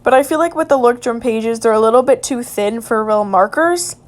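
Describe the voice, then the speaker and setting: A young woman with a fairly high voice talks through her craft project in a relaxed, chatty voice-over. She fills her talk with "um" and "like" and laughs lightly as she goes. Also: fairly quick. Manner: chatty, filler-heavy, laughs often. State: hiccups. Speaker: vlogger. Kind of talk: casual voice-over narration.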